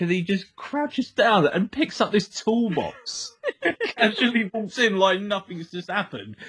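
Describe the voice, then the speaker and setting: A man's voice: a little high, slightly rough. A man co-hosting a casual podcast, recapping a TV episode in a rambling way and laughing often. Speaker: podcast co-host.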